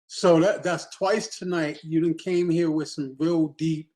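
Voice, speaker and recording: A man slowly responds to the group, pausing and searching for the right words. His tone is dark and mellow, and he talks at an unhurried pace. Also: a little high, fairly even intonation. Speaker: open mic participant responding. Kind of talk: casual group discussion.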